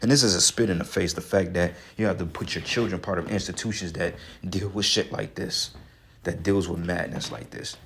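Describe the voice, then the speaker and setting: A man's voice: sits low, steady tone, fairly quick, a bit bright, a little hiss or hum. A man with a congested voice giving casual, heated religious talk, profane and ranting, with scripture readings between. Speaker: religious commentator.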